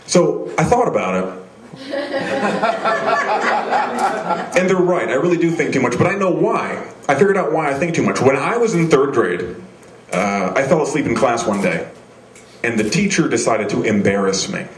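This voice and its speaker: Young male stand-up, mid-pitched voice, self-deprecating, restarts a lot, roomy club sound. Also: sing-song, moderate pace, long pauses, a little hiss or hum. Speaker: stand-up comedian. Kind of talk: live stand-up set. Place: small comedy venue stage.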